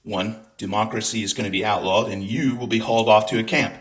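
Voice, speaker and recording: A man's voice: fairly low pitch, steady tone, fairly quick. A man delivering an angry, profane political rant to camera, sarcastic and full of venom. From United States. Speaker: political commentator.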